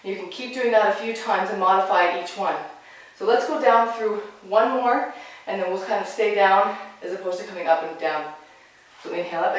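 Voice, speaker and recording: A yoga instructor guiding a class with short, calm, encouraging spoken cues. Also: medium pitch, moderate pace. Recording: very echoey room, mic far off.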